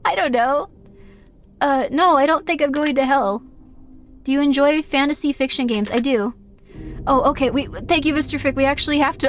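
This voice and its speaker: High-voiced rambling woman streamer. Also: normal speed, faint music behind. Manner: rambling, filler-heavy, self-deprecating. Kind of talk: casual live-stream chat while gaming.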